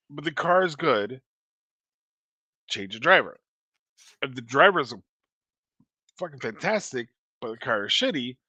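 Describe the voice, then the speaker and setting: A man's voice: on the high side, sharp tone, no room sound. A middle-aged man co-hosting a casual sports podcast, telling stories bluntly and swearing freely. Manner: blunt, profane storytelling. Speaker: podcast co-host.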